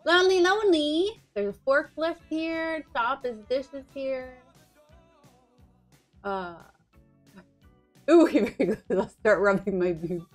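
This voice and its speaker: A woman's voice: a little high, takes it slowly, long pauses, a little mellow. Bubbly young woman streamer greeting chat. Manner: bubbly, giggly, greets viewers by name. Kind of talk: casual live-stream chat. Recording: with faint music behind.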